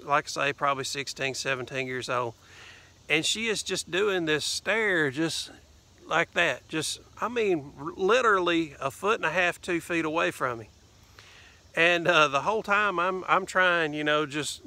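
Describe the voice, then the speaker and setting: Rambling Southern man with a gravelly voice. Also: a little high, sharp tone. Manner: rambling, lots of fillers and "anyway". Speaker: vlogger. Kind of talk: casual vlog storytelling.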